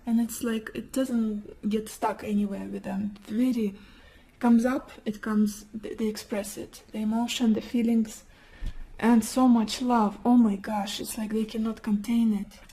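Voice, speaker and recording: Soft-voiced woman reading tarot, mellow. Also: on the high side, level tone, a little slow, a little hiss or hum, poor audio. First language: not English. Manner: gentle and emotive, often dropping into a whisper. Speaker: tarot card reader. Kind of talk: soft-spoken pick-a-card tarot reading.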